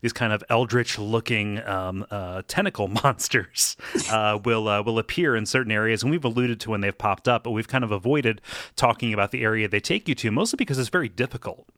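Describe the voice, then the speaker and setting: Verspielter, heller Podcast-Co-Host. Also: male voice, on the low side, brisk, a bit bright, no room sound, clean studio sound. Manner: playful, laughs often. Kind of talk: casual chat.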